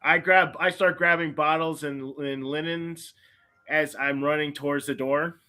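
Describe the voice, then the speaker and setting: A man taking part in a tabletop game, eagerly describing his character's moves and calling out his rolls. His voice is very bright, sitting a little high. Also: steady tone, unhurried, clear, resonant tone. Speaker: player.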